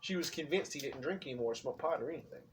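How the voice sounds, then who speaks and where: A man rambles through a long story in loose, profane podcast chat, leaning on fillers. He sits back from the mic, and clear background noise runs under his voice. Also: a little high, expressive, fast talker, recorded from a distance, low-quality recording. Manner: rambling, profane, fillers like "you know what I'm saying". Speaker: podcast co-host.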